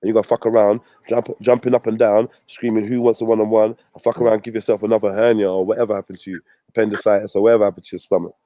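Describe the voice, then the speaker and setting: A man's voice: fairly low pitch, flat delivery, racing, few pauses, no echo, highs cut off. A man ranting on his channel, mocking and swearing at a rival. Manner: profane, mocking, combative. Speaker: vlogger. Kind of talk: ranting commentary.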